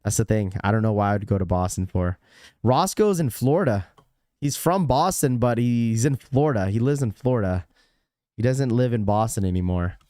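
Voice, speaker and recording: A man's voice: fairly low pitch, lively intonation, normal speed, mellow, no echo, studio quality. A young man hosting a casual livestream, reading out chat messages and rambling with lots of fillers and repeats. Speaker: livestream host.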